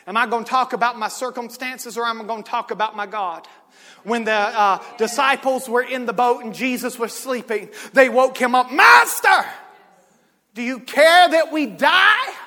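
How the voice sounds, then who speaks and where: A male pastor preaching a sermon, swinging between loud shouting and quiet, close talk. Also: very high voice. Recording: long reverb of a church hall.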